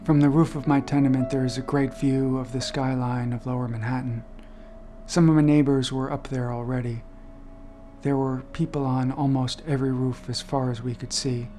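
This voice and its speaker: A man reading aloud a personal essay he wrote, recounting it in a measured, subdued first-person voice. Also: medium pitch, flat delivery, warm tone. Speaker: essay author reading his own memoir.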